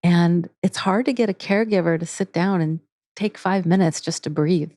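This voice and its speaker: Female interview guest, warm and earnest, dry close sound. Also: lowish voice, moderate pace, no room sound. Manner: earnest, with frequent restarts. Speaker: guest, integrative therapy teacher. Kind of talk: casual interview talk.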